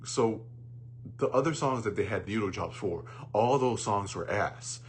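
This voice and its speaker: A man's voice: on the low side, lively intonation, measured pace, slight background noise. A man ranting casually about a film, rambling and profane, with many fillers and restarts. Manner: bursts into loud mocking jokes. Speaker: movie reviewer. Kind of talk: casual rant.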